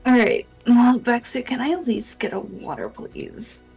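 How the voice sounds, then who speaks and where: A woman's voice: a little high, very animated, unhurried, creaky, darkish tone, soft background music, full character voice. Woman doing a tipsy valley-girl type.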